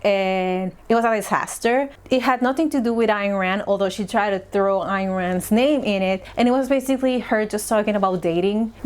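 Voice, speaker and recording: A young adult woman talking chattily in a casual commentary vlog, with lots of "like" fillers. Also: medium pitch. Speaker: vlogger.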